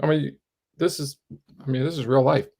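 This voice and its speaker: A man's voice: medium pitch, steady tone, normal speed, creaky, darkish tone. A man joining a casual late-night live stream as a guest, bantering playfully and poking fun at himself. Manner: playful, self-mocking banter.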